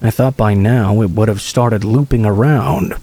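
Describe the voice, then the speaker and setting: A man calmly reading true scary stories aloud as a steady, scripted horror narration. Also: on the low side, normal speed.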